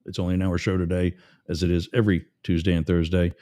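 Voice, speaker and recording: A man hosting a talk radio show, ranting with sarcasm and telling jokes in an animated way. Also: low-pitched, fast. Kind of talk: talk radio monologue with a live-read ad.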